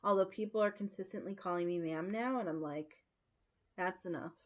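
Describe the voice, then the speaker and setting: A woman's voice: mid-range voice, fairly quick. A woman in her late forties, chatting casually with her viewers as host of a livestream and telling stories with frequent laughs and fillers. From United States. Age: 40s. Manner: chatty storytelling, laughs often, many fillers.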